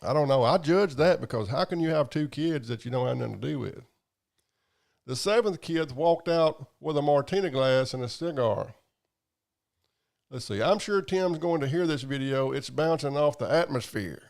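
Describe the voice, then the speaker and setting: Gravelly man rambling on a livestream. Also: a little high, expressive, normal speed, a little mellow. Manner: rambling, profane, drawling. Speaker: livestream host. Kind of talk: casual live-stream chat reading viewer comments.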